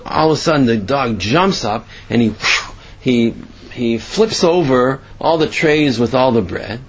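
A man's voice: mid-range voice, unhurried, breathy edge, highs cut off. A man giving a sermon and telling parables, asking himself questions as he goes. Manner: storytelling, animated, asks himself questions.

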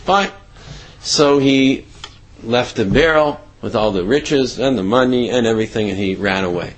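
A man's voice: mid-range voice, normal speed. A man telling a religious story in a talk, loose and conversational with many restarts.

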